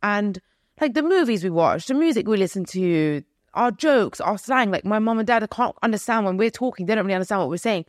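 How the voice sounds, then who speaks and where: A young woman from London with a London accent, co-hosting a podcast in casual, slangy, animated chat. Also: mid-range voice, brisk, no echo, studio quality. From London, England. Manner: chatty, animated, slangy, laughs often. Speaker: podcast co-host.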